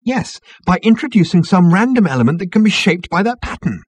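A bemused, earnest everyman, as the audiobook reader plays him, lifted a little above the narrator's voice, with a husky breathiness. He talks his idea through in a lively, rising tone. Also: high-pitched, fairly quick, no echo, pitched above the performer's own voice, heavily acted. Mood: earnest reasoning. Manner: earnest, reasoning aloud. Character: bemused ordinary man, slow but earnest.

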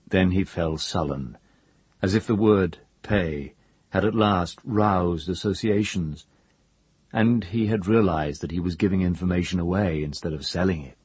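A man narrating a fantasy audiobook in a measured, even storytelling manner. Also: sits low, slightly rough, no echo. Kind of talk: scripted narration.

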